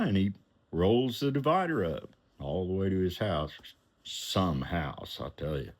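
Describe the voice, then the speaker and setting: A very deep male voice with a lot of melody tells a story from his own life. He acts out the other people's voices as he goes. He is animated and chuckles now and then. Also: measured pace, husky. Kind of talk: personal storytelling.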